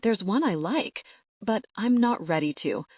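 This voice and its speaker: A woman voicing a shy, gentle young wife who speaks softly and hesitantly. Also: mid-range voice, lively intonation, unhurried, no room sound, clean studio sound. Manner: soft, hesitant.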